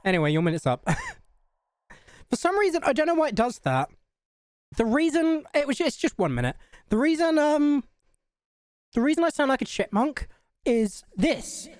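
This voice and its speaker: A Scouse woman streamer chats and swears her way through a game, with a lively, bouncing delivery. The sound is dry and close. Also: sits high, normal speed, pauses often, no room sound. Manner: chatty, sweary, laughing at herself. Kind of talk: live game stream chat.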